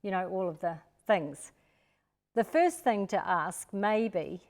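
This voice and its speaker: Older woman, parenting seminar presenter, practical and direct, mid-range pitch. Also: lively intonation, normal speed, a little mellow. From Australia. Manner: practical, talks directly to parents and acts out what to say to children. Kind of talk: live-streamed parenting seminar talk.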